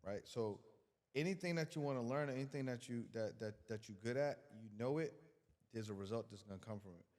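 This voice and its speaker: A man's voice: medium pitch, fairly quick, darkish tone, in a large hall. A man guest on a podcast giving a casual motivational talk, emphatic and colloquial, repeating words as he builds his point.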